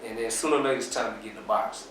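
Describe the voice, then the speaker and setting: A man being interviewed, explaining his business in a relaxed, casual way with plenty of fillers. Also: lowish voice, very fast, recorded from a distance, a little hiss or hum. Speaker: interview guest, business owner. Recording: very echoey room, off mic.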